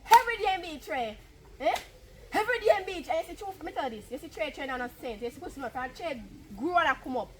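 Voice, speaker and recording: Jamaican woman, high bragging patois lines, noisy film recording. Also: lively intonation, quick pace. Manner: jealous, boastful.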